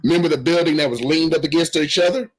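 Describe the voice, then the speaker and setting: A man co-hosting a podcast in casual chat, retelling scenes in an animated way and laughing often. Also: fairly high pitch, fast talker. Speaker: podcast co-host.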